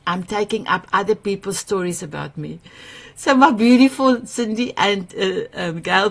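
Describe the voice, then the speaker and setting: A woman's voice: medium pitch, a bit bright. South African woman, gushing and emotional. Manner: emotional, laughs often, gushing and affectionate. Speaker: summit host. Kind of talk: heartfelt personal sharing on a live video call.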